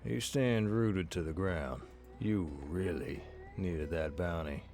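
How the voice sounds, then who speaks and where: A man giving scripted second-person narration for a game in a measured, even way. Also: low voice, soft background music.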